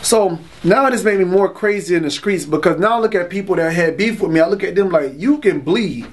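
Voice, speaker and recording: A man's voice: high voice, brisk. A young adult man from Florida, telling his testimony in casual street slang and often saying "you know". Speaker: man giving a religious testimony.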